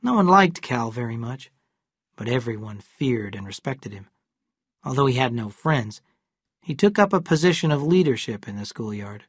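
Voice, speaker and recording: Clear, steady storybook narrator. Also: medium pitch, no echo, studio quality. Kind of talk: scripted narration for English learners.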